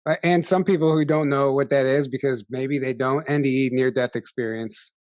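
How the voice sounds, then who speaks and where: A man's voice: mid-range voice, steady tone, normal speed, darkish tone, no room sound, clean studio sound. A male podcast host who mostly listens and adds short affirming remarks and clarifications. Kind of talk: casual interview.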